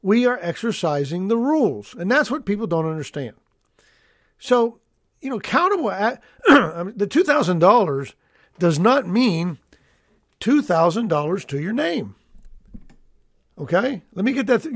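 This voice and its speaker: Man, middle-aged, estate attorney host, high-pitched, emphatic folksy explaining, dry recording. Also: very animated, moderate pace, pauses often, no room sound. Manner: emphatic, folksy, repeats key points. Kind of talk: educational radio-style talk.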